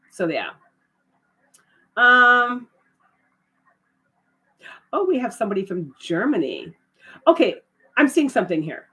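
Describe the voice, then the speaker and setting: Chatting casually with viewers on her live stream, this middle-aged woman trails off into fillers and then often bursts out in excited surprise. Her voice is on the low side and slightly rough.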